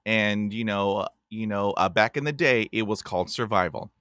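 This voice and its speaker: Stuttering man telling a lively story. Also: lowish voice, moderate pace, no room sound, studio quality. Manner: stutters, with repeated sounds; animated storyteller, often addresses the guest by name. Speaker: podcast host. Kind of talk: casual interview chat.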